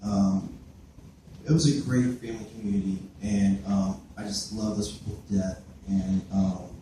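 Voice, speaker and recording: A man's voice: fairly low pitch, flat delivery, normal speed, mellow, a little hiss or hum. A teenage boy giving a personal testimony at church, hesitant, with many fillers and restarts, recorded by a camera from far off. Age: late teens. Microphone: far camera recorded by his father. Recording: echoey hall from far off.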